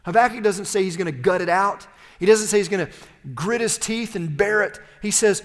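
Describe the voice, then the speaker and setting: A male pastor preaching a sermon, swinging between loud, emphatic peaks and hushed, low phrases. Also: brisk, big-room sound.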